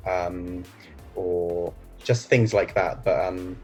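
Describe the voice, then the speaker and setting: A man's voice: sits low, slow pace, soft background music. A British man answering questions as a native-speaker guest in a casual interview, thoughtful and easygoing, with frequent ums. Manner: relaxed, thoughtful, many ums, laughs easily.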